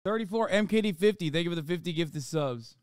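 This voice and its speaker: A man reacting on a livestream, talking in a sarcastic, profane rant. His voice sits fairly high for a man and comes through smooth and resonant. The sound is dry and close, with no room around it. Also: animated, fast, no echo.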